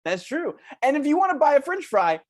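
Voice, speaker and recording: A man's voice: very high-pitched, sing-song, brisk, pitched above the performer's own voice. A man improvising an overeager children's TV show host, talking in a sing-song way as he plugs a sponsor. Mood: peppy. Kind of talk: improv comedy scene.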